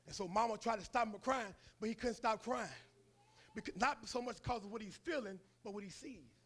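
A man's voice: high voice, fairly quick, a bit bright. A male preacher giving a sermon in a colloquial, storytelling manner.

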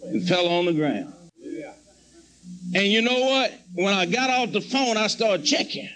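A man with a high voice preaches a testimony sermon. He tells it as a story, acting out his own past words and prayers. His pleading prayers climb to fervent cries. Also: expressive, measured pace, a bit bright, low-quality recording.

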